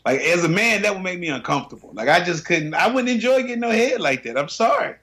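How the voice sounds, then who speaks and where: A man's voice: lively intonation, quick pace, fairly bright tone, breathy edge. A man co-hosting a casual, crude podcast chat, loose and slangy, often laughing. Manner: loose, slangy, laughing, drops low then jumps high. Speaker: podcast co-host.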